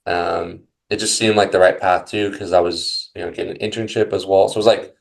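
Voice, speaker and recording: Halting, gravelly-voiced young man. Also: deep voice, fairly even intonation. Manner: halting, full of restarts and hedges like kinda and you know. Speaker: podcast guest. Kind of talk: reflective casual chat.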